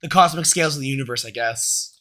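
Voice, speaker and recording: A young man co-hosting a podcast, telling school stories in a casual, animated way and slipping into silly voices. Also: mid-range voice, fast talker, a little hiss or hum. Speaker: podcast co-host. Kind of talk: casual chat.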